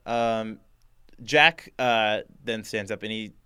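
A man narrating a tabletop role-playing game as game master, halting often with fillers and slipping into character voices. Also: fairly low pitch, steady tone, pushed and bright, clean tone, no echo.

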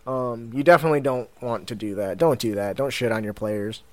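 A man of middle pitch chatting casually on a podcast about running tabletop games. He talks loosely and swears freely, and the sound is close and dry. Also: brisk, dry recording. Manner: relaxed, profane, laughs easily. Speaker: podcast co-host. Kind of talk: casual tabletop advice chat.

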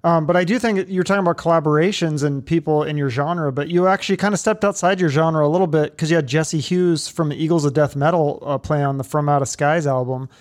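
A man's voice: fairly high pitch, quick pace, hardly any pauses. Male interviewer, friendly casual questions, brief affirmations.

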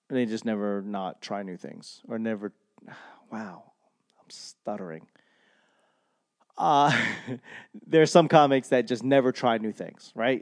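A man's voice: medium pitch, a little mellow, dry recording, clean studio sound. A man, a stand-up comic, talking casually and self-mockingly on his own podcast, rambling loosely at home. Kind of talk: casual solo podcast monologue. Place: home during quarantine.

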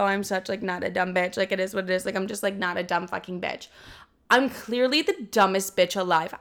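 A woman's voice: mid-range voice, a bit bright. A young woman telling a story straight to her viewers in a casual vlog, swearing freely and saying "like" constantly. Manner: chatty, swears freely, leans heavily on "like". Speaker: vlogger.

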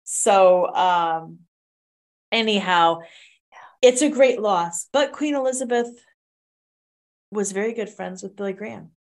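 A woman co-hosting a casual chat, telling stories in a chatty, animated way. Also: mid-range voice, slow, long pauses. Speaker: co-host.

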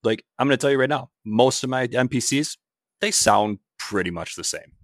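A man's voice: mid-range voice, lively intonation, moderate pace, no room sound. A man as a podcast guest in casual chat, laid-back and self-deprecating.

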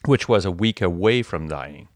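A man's voice: sits low, expressive, normal speed, no room sound, studio quality. A man hosting an interview in casual conversation, hesitant and full of fillers.

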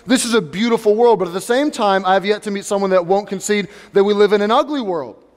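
High-voiced male pastor in an echoey hall. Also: fast talker. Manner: conversational preaching that addresses the congregation directly. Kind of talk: sermon. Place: church sanctuary. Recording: reverberant church hall.

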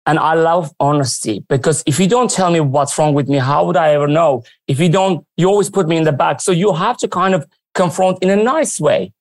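Lively man telling career stories. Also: fairly high pitch, brisk, few pauses, no echo. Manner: lively, acts out quoted dialogue. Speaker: guest. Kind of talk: casual storytelling.

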